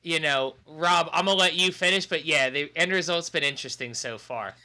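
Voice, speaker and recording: A man's voice: a little high, brisk, sharp tone. A man co-hosting a podcast, recapping in casual talk. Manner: summarizing, conversational. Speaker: podcast co-host.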